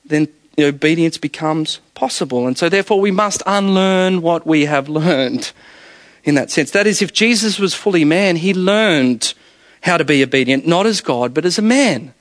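A man delivers an evening sermon, chatty and full of stories, laughing often. His voice sits high for a man. The sound is dry and close. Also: animated, moderate pace, dry recording. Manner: storytelling, conversational, laughs often. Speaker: preacher.

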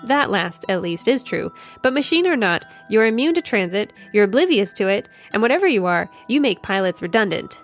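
A woman's voice: mid-range voice, sing-song, a little fast, few pauses, soft background music. A woman reading as a haunted male starship pilot. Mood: cold. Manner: intense, fearful.

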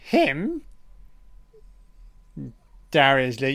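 A man talks through a film in a slow, unhurried drawl, dropping swear words into his running reactions. His voice comes across smooth and clean. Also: medium pitch, sing-song, fairly bright tone. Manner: profane, reactive running remarks. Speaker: film commentator. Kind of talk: casual audio commentary.

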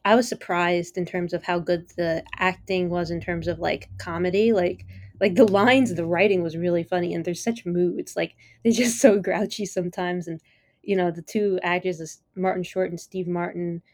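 A woman's voice: on the low side, fairly even intonation, normal speed, a little mellow, no echo. A woman hosting her own podcast, chatting on her own in a rambling, enthusiastic way with lots of "like" and "you know.". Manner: enthusiastic, easily amused. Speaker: podcast host. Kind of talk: casual solo chat.

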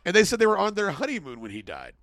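A man's voice: sits high, very fast, no echo, studio quality. A man co-hosting a casual podcast, telling a story with laughs and acting out quotes in funny voices. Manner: animated, laughing, swears, acts out quotes in voices. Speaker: podcast co-host.

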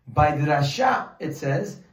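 Guy teaching torah, acts out the people in his stories, bit high voice, roomy echo, sounds far off the mic. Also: expressive, unhurried. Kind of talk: Torah class. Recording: echoey room, voice from off the mic.

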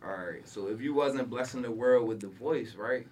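A man's voice: medium pitch, moderate pace, darkish tone, far from the mic, a little hiss or hum. A man talks in a blunt, fired-up way, full of slang and swearing. His voice sits a little back from the mic, as in a casual podcast. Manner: heated, blunt, slangy and profane. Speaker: podcast host. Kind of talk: casual interview chat.

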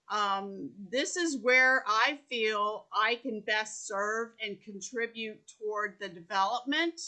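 Slow, bright-voiced middle-aged woman panelist. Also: a little high. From South Texas. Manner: measured, deliberate speaker who repeats words as she starts. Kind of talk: panel discussion over video call. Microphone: soft remote microphone.

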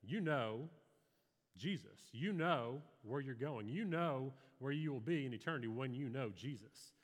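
A man preaches in an earnest, conversational way, telling personal stories to a live congregation. His pitch rises and falls a great deal, and his voice carries through a hall with a long, ringing reverb. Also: lively intonation, measured pace. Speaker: pastor. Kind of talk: sermon.

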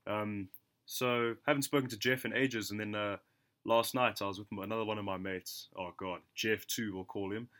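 A young man from South Africa, co-hosting a podcast and telling a story in a relaxed, slangy way, laughing between lines. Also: on the low side, moderate pace. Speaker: podcast co-host. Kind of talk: casual storytelling chat.

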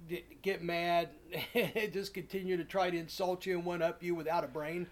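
A man's voice: high-pitched, fairly even intonation, normal speed. A man co-hosting a podcast, telling a crude prank-call story in a rambling, profane way. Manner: profane, rambling, acts out shouting callers. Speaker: podcast co-host.

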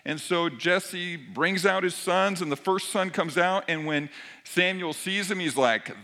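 A man, a pastor giving a sermon in a relaxed, conversational storytelling way. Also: unhurried. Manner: conversational storytelling, varied pitch.

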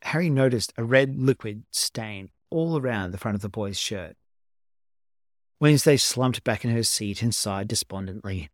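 A man narrating a story as an amateur audiobook reading, at a steady, unhurried storytelling pace. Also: fairly low pitch, dry recording, studio quality.

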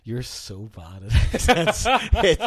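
A man co-hosting a casual podcast chat, husky-voiced and animated, breaking into loud silly impressions. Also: medium pitch, normal speed. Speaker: podcast co-host.

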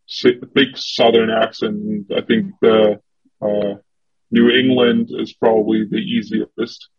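Brief: man, second-language speaker, hesitant guest. Low, flat, husky. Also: takes it slowly, muffled recording. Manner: hesitant, many fillers and restarts. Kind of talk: casual conversation.

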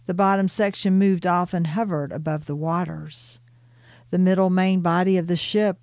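A woman reading aloud from her own spiritual book in a soft, earnest, unhurried way, stopping for personal asides. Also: lowish voice, no room sound, studio quality.

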